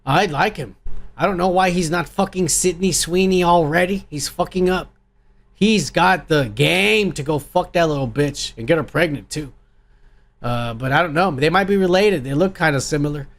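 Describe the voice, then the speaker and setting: A man with a gravelly, crackling voice tears into a film trailer, crude and heated, swearing at every turn. His voice sits high for a man. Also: normal speed, fairly bright tone. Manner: angry, crude, swears constantly. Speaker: podcast host. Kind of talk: profane ranting movie review.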